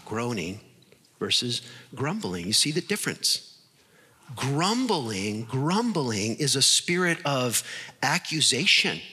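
A man preaching a sermon, animated and acting out the voices in his stories. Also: mid-range voice, takes it slowly, husky, big-room sound. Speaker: pastor.

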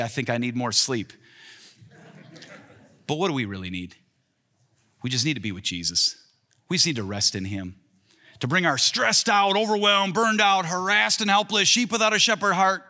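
Preaching with earnest conviction, a thirty-something male pastor speaks in a mid-range, pushed and bright voice. Quotes get acted out with a rising lift. The sound echoes with the long reverb of a big hall.

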